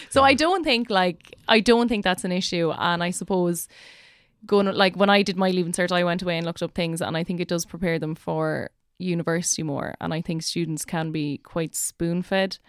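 A woman's voice: fairly low pitch, steady tone, normal speed, clear, resonant tone, dry recording, studio quality. A young woman teacher with an Irish accent, chatting casually on a podcast and filling her speech with "like". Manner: chatty, lots of "like" fillers.

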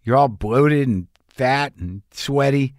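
Man doing blunt sober woman, prodding, pointed questions; dry mid-pitch read. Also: slow, no echo, lightly acted. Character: blunt, sober young woman offering help.

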